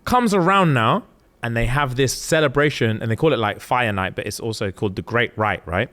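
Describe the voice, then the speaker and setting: A man's voice: mid-range voice, a little fast, sharp tone. A man, casually retelling a novel's plot on a podcast, acting out the characters' lines in slang. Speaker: podcast co-host.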